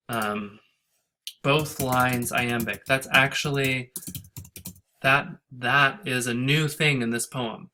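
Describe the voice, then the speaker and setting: A man's voice: medium pitch, sharp tone. A man teaching a recorded lesson on scanning a poem, thinking aloud with restarts and reading lines of verse in a sing-song rhythm. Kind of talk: recorded lecture on poetry scansion.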